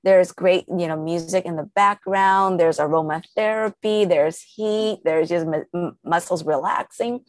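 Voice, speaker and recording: A woman with a fairly low voice talks listeners through a calming practice like a patient coach. She lays each step out plainly and earnestly and leans on everyday examples. The sound is close and dry, with no room around it. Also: a little slow, few pauses, dry recording. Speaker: guest, calm coach. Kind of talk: instructive podcast talk.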